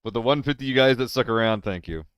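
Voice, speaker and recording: A man streaming a game live, chatting casually with viewers, laughing often and swearing when he gets excited. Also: mid-range voice, fast, clear, resonant tone, no echo. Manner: excitable, laughing and swearing between relaxed chat.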